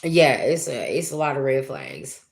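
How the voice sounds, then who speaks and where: This woman's voice rumbles low and creaky, very animated, at normal speed. She's a spiritual reader on a live stream, delivering a chatty, emphatic monologue full of rhetorical questions.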